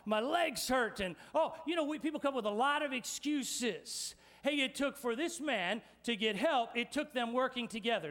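A male pastor preaching a sermon, energetic and playful, directing volunteers in a live demonstration and speaking straight to the congregation. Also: very high-pitched.

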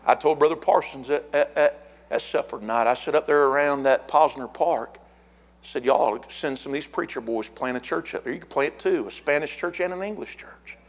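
A middle-aged man preaching a fiery sermon as pastor, building to shouted repeated words. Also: a little high, brisk.

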